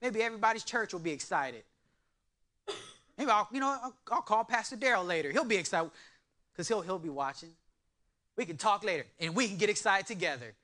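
A man preaching a sermon in an animated way, with joking asides to his congregation. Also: sits high, a little fast, pauses often. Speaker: pastor.

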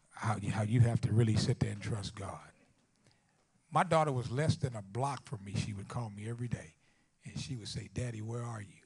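A man with a lowish, slightly rough voice preaches a sermon. He climbs to loud, fervent declarations, then sinks to hushed, almost whispered storytelling, repeating phrases for emphasis.

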